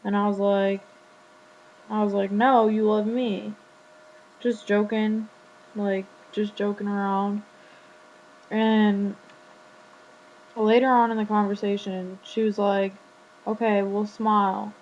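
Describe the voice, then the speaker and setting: Teen girl rambling through a story, lots of "like", kinda monotone, muffled webcam sound w/ faint hum. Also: medium pitch, takes it slowly, pauses often. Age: teens. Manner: chatty, retelling a conversation with lots of "like". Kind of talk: casual storytelling vlog.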